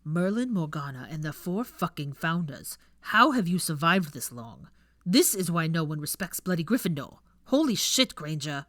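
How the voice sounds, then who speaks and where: A woman voicing an exasperated, sharp-tongued young man, scolding loudly in a storybook reading. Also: low-pitched, sing-song, normal speed, dry recording, studio quality. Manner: shouting, scolding.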